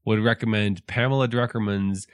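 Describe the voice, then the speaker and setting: A man with a low voice chatting on a podcast, a high school English teacher. He talks in a wordy, self-deprecating way, pausing often, and the sound is close and dry. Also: fairly even intonation, clean tone, dry recording. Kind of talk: casual podcast chat.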